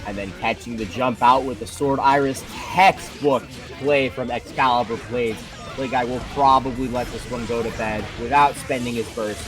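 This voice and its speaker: A man's voice: medium pitch, steady tone, normal speed, few pauses, music in the background. A man commentating a fighting game tournament, breaking down plays with dry jokes, his voice a bit worn out. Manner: analytical, joking. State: tired voice.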